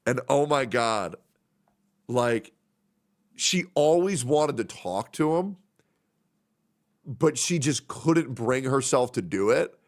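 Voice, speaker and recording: A man's voice: animated, slow pace, long pauses. Man, 30s, streamer; casual, rambling, emotional. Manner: rambling, emotional, puts on high voices when quoting friends.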